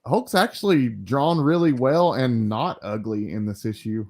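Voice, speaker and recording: A man's voice: mid-range voice, expressive, measured pace, a little mellow. Male stream host, easygoing, mid voice, reads and riffs on comics. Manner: easygoing, chuckles while reading. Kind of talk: reading and discussing comics on a livestream.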